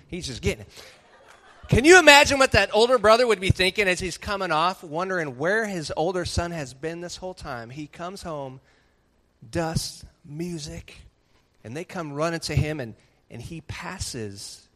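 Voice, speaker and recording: A man preaching a sermon as pastor, telling a story with animated swings from soft to loud. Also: a little high, moderate pace.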